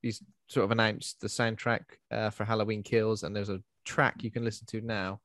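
A man's voice: fairly low pitch, little pitch movement, normal speed, fairly bright tone, dry recording, studio quality. A man co-hosting a casual podcast chat, rambling with fillers. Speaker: podcast co-host.

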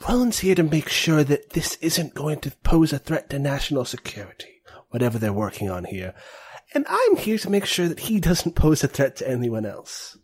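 GM doing a nosy clergy woman, conspiratorial and prim, husky with a lively up-and-down voice. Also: low-pitched, moderate pace, full character voice. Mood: confiding. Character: gossipy middle-aged woman of the royal clergy.

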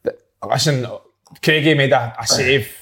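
A Scottish man with a Scottish accent chatting casually about football, quick and agreeable. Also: mid-range voice, fairly even intonation, fairly bright tone. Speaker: football pundit.

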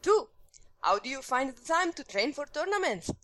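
A woman's voice: high voice, sing-song, moderate pace, fairly bright tone, no echo. A woman voicing a listener's email in a put-on Russian accent, clipped and dropping articles, reading it aloud on a podcast. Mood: mock-earnest. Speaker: podcast co-host.

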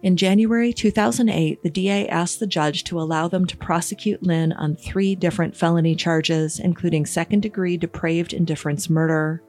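A woman giving scripted true-crime podcast narration in a measured, even storytelling manner. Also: fairly low pitch, soft background music.

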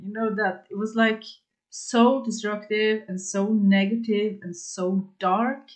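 A woman's voice: medium pitch, steady tone, slow. A woman hosting her own astrology podcast, talking in a raw, confessional way with many fillers and bursts of laughter, English not her first language. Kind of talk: candid solo podcast monologue.

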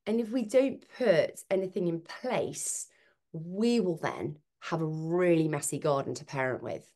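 An author appearing as a podcast guest discusses parenting in a conversational interview. She speaks in a low voice at a measured pace, yet stays animated, acting out quoted speech.

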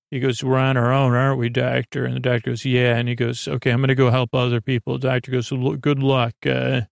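Creaky-voiced man rambling through a bedtime retelling. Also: dry recording, clean studio sound. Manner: meandering, halting, full of pauses and self-corrections; loosely mimics characters with slight lifts in pitch. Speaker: podcast host.

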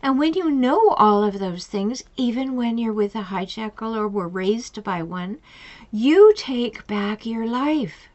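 A woman's voice: fairly high pitch, expressive, measured pace, darkish tone. A woman coach giving advice and retelling client stories, repeating pointed questions with emphasis. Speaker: relationship coach. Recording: dull lo-fi recording.

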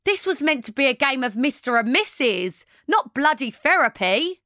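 A woman's voice: high voice, sing-song, normal speed, sharp tone, no room sound, clean studio sound. A woman narrating a reality show in a wry, teasing voice-over. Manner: sarcastic, teasing.

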